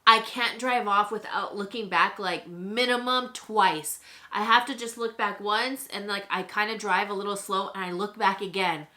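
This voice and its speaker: A woman's voice: mid-range voice, normal speed, slight background noise. A young woman telling a story in a chatty way, with many fillers, while she does her makeup at home. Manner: chatty and animated, with lots of "like" fillers. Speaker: beauty vlogger.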